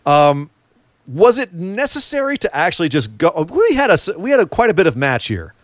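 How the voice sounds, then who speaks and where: Chatty man with a higher voice. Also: sing-song, normal speed, no echo, studio quality. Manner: chatty, joking, asks many questions. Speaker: wrestling podcast co-host. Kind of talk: casual chat.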